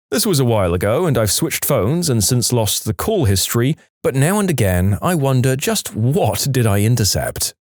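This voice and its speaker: A man reads reader-submitted stories aloud in a scripted narration. His delivery is animated, and his pitch swings widely. The recording is close and dry. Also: no echo. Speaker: story narrator.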